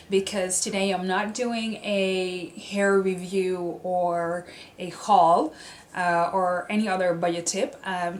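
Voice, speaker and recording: A young woman vlogger telling a personal story in a chatty, animated way, with many fillers. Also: mid-range voice, slight background noise. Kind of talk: casual storytelling. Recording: roomy echo.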